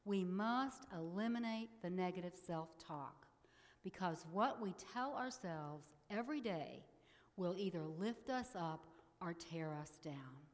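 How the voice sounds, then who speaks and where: A middle-aged woman minister giving a sermon in a church, leading the congregation in spoken affirmations in a measured way. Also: lowish voice, animated, in a large hall.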